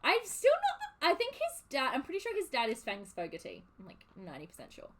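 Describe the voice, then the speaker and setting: A young woman streaming a game, chatting casually and swearing in an animated, exasperated way as she recaps. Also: high-pitched, a little fast. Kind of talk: casual chat while live streaming a game.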